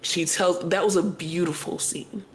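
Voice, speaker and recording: A young woman co-hosting a podcast, recapping a reality show in casual chat, animated and profane, telling the story in bursts. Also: lowish voice, normal speed, poor audio. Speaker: podcast co-host.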